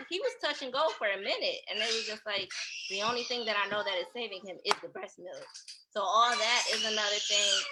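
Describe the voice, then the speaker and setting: A woman's voice: medium pitch, sharp tone, slight background noise, rough recording. A woman co-hosting a podcast, earnestly recounting a hard personal experience in casual chat. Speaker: podcast co-host.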